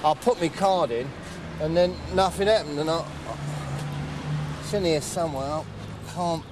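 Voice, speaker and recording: A man's voice: a little high, normal speed, heavy background noise. Rambling man, comic monologue. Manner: rambling, chatty, frequent fillers and "right?". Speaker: comedy host. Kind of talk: deadpan comic monologue in character.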